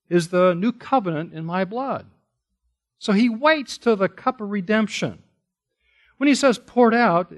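Male preacher with a somewhat high voice, leading an expository sermon, pointed and emphatic. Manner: emphatic, slows down and stresses key words; asks rhetorical questions of listeners. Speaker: pastor. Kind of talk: expository Bible teaching sermon.

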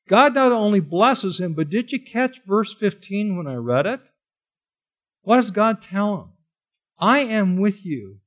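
A man preaching an expository Bible study in an animated way. His voice sits a little high for a man. He keeps asking his listeners questions and leans hard on key words. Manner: animated, asks the audience questions, stresses words. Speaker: pastor teaching a Bible study. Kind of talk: expository sermon.

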